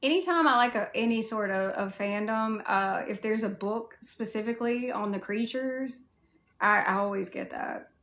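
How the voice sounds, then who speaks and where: A woman's voice: fairly high pitch, normal speed, fairly bright tone. A woman with a Southern US accent chatting casually on a livestream, answering viewer comments in a candid way with mild swearing. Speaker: cosplay livestreamer.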